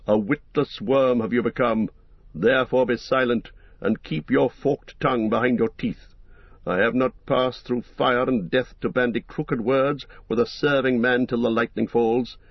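A man voicing a stern old male wizard who speaks in a clear, cold, commanding voice. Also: mid-range voice, fairly even intonation, a little slow, no room sound. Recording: dull dry lo-fi recording.

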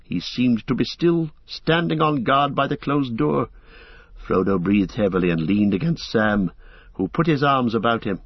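A man reading a fantasy novel aloud as a steady audiobook narrator. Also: mid-range voice, husky, no echo, dull audio.

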